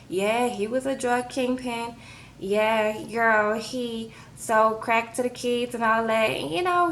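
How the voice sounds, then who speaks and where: A woman recapping a reality TV episode in a casual vlog, talking in an animated, sassy way, acting out quotes and tagging her lines with "okay?". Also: a little high, a little hiss or hum.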